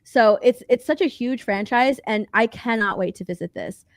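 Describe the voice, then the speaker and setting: A woman co-hosting a pop-culture news podcast, chatting casually with lots of fillers and excitement. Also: on the high side, moderate pace, no echo, clean studio sound. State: hiccups. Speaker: podcast co-host. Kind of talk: casual chat.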